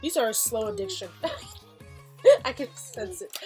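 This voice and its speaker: A young adult woman vlogging a snack box unboxing, gushing with excitable exclamations as she tastes each treat. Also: sits high, takes it slowly, faint music behind. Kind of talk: casual unboxing chat.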